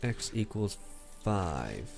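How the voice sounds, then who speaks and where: A man with a somewhat low voice streams a digital card game, thinking aloud in a relaxed, casual way. He often mutters counts under his breath as he works out his plays. Soft game music plays quietly underneath. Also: very slow, gravelly. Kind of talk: casual gameplay commentary.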